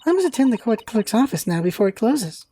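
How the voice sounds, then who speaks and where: A woman's voice: a little high, sing-song, fairly quick, warm tone, a little hiss or hum. Woman reading a polite young female assistant; formal, composed, lilting delivery. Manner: formal, courteous.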